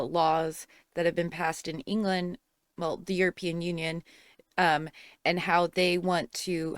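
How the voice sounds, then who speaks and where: A woman's voice: fairly low pitch, no room sound, studio quality. Rambling woman commentator. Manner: rambling, repeats herself. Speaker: political commentary host. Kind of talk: casual commentary.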